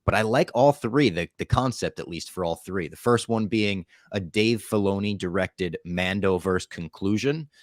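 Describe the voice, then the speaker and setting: A man's voice: deep voice, moderate pace, hardly any pauses, no room sound, studio quality. A man hosting a podcast in casual chat, upbeat and leading into each segment. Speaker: podcast host.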